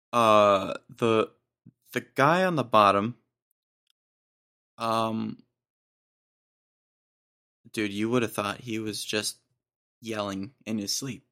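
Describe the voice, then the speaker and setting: A man's voice: fairly low pitch, sharp tone. A young man in his twenties hosting a podcast, telling a rambling, jokey story in casual slang. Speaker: podcast host.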